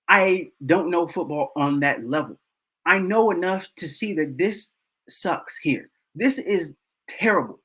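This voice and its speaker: A man walks through football game film in casual commentary, repeating points over and over in exasperation. His voice is husky and sits a bit high for a man. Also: a bit bright, poor audio. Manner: exasperated, repeats himself for emphasis. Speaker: host of a football film breakdown channel.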